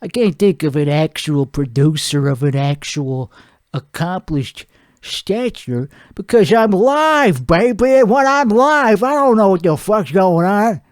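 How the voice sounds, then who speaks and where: A man's voice: high voice, lively intonation, unhurried, no room sound, studio quality. A man playing a brash, crude washed-up male singer-comedian who rants and rambles about his producer, his voice weak and strained from singing. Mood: ranting. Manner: crude, rambling, boastful, self-mocking. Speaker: comedy show host. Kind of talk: improvised comedic rant.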